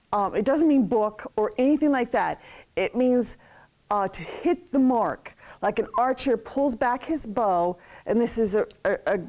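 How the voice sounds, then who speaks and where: A woman's voice: a little high, darkish tone. Earnest woman explaining at a board. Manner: earnest, halting restarts. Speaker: co-teacher. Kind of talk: explaining at a whiteboard.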